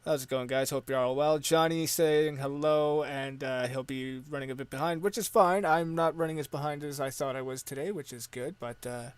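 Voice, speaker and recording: A man's voice: fairly high pitch, normal speed, hardly any pauses, clear, resonant tone, dry recording. A Canadian man hosting a casual stream chat, rambling and joking with lots of filler words. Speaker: podcast host.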